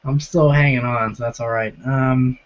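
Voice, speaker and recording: Young male streamer, hoarse and sore-throated, chatty Q&A host, dull lo-fi stream audio. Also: medium pitch, fairly even intonation, normal speed. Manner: chatty, reads viewer comments aloud and answers them. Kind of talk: casual live-stream Q&A.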